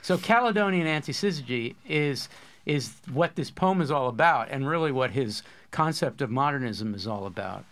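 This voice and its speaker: A man's voice: mid-range voice, expressive, moderate pace, fairly bright tone. A man hosting a poetry course discussion, explaining ideas with eager enthusiasm in a casual academic way.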